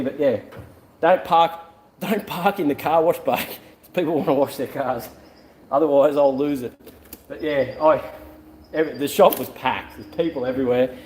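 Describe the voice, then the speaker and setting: A man's voice: mid-range voice, darkish tone, a little hiss or hum. An Australian man vlogging around a car yard, chatting to viewers in a blunt, rambling way and swearing freely. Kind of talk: casual rambling chat to viewers.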